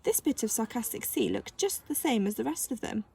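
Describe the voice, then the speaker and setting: A woman's voice: a little high, lively intonation, fairly quick, gravelly, warm tone, husky, heavily acted. A woman voicing a curious, anxious boy in a storybook reading. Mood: worried.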